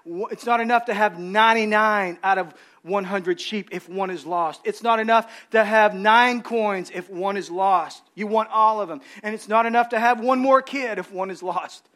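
A pastor preaching a sermon with passion, repeating words and moving between loud emphasis and quiet storytelling, with speech. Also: male voice, sits high.

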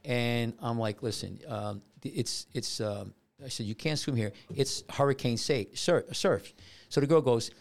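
A man hosting a podcast, telling stories in a rambling, halting way with many restarts and a New Jersey accent. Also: mid-range voice, vocal fry. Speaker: podcast host. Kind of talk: casual storytelling chat.

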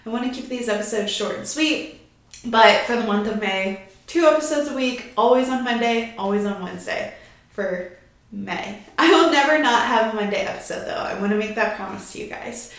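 A woman's voice: fairly high pitch, animated, moderate pace, a bit bright, heavy reverb. A young woman hosting her lifestyle podcast in a chatty, bubbly way, a little out of breath and laughing often. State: a bit out of breath. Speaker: podcast host. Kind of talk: casual podcast chat.

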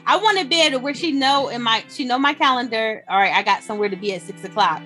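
Woman, lively playful chatter over light music. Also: a little high, quick pace, rough recording. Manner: playful, animated. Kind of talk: casual chat.

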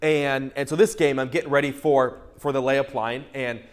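A male pastor preaching a sermon through a humorous, animated personal story, often restarting his words. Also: mid-range voice, moderate pace.

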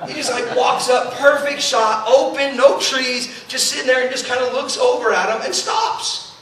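A man preaching a storytelling sermon as a traveling youth preacher, animated and acting out the voices he quotes. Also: very high voice. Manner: animated, acts out quoted voices, quick asides. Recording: echoey hall, mic at a distance.

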